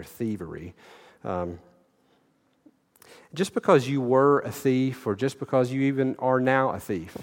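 A middle-aged male pastor preaching an earnest sermon, repeating words and asking the congregation direct questions. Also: on the high side. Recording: long hall reverb.

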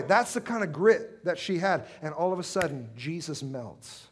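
High-voiced impassioned male preacher. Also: animated, normal speed, few pauses. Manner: impassioned, swells to shouting in acted prayers. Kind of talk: sermon.

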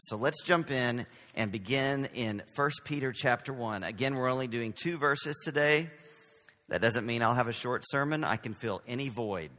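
A Texas man with a light Southern American accent and a sharp-toned, mid-range voice preaches in a large hall. As pastor, he keeps his sermon conversational and sprinkles in self-deprecating humor.

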